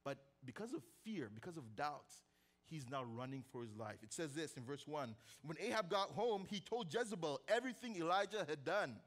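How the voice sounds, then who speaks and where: A young man preaches a sermon with a high, light voice. He tells the story with energy, dropping to a near-hush and then rising again, and keeps tossing in casual, joking asides to the congregation. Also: normal speed. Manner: animated storytelling, swings from loud to hushed. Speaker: pastor.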